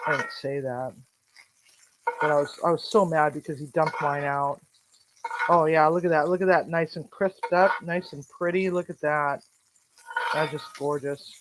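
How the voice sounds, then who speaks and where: A cooking-channel host tells an animated, blunt story full of free swearing as she stands in her home kitchen. She speaks at normal speed in a mid-range voice. The recording, made at home, is noisy.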